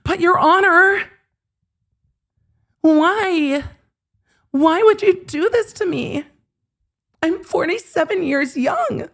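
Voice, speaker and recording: A woman's voice: very high voice, animated, slow, pauses often, a bit bright, pitched above the performer's own voice, heavily acted. A woman putting on a whiny male lawyer who begs a judge to go easy on him. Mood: whining. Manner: whining, wheedling.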